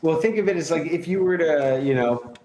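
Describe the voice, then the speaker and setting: A man's voice: fairly high pitch, fairly quick, darkish tone. A man appearing as a radio guest, telling news stories in an upbeat, chatty way. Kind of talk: casual radio chat. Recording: echoey room, faint hiss.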